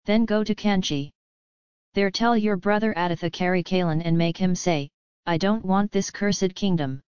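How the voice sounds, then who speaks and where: A woman's voice: lowish voice, moderate pace, darkish tone, clean tone, no echo, lightly acted. A woman voicing an ailing old emperor and worried father in an audiobook, speaking in a grave, solemn way. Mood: weary. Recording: slightly dull lo-fi audio.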